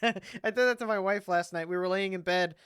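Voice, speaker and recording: A woman's voice: medium pitch, a little fast, clean tone. A woman streaming a game and chatting casually, rambling and joking with frequent laughter. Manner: rambling, jokey, laughs a lot. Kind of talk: casual gaming livestream chat.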